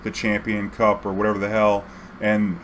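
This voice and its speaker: A young man with a lowish voice tells a loose, profane story, stringing it together with fillers and acting out what people said. A faint hum sits under the recording. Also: monotone, moderate pace, a bit bright. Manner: rambling, profane, full of fillers and acted-out quotes. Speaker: YouTube storyteller. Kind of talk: casual storytelling monologue.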